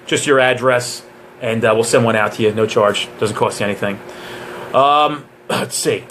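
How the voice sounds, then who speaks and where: A man's voice: medium pitch, moderate pace, fairly bright tone, slight background noise. A man who trains police officers, giving a casual live question-and-answer session with jokes and digressions.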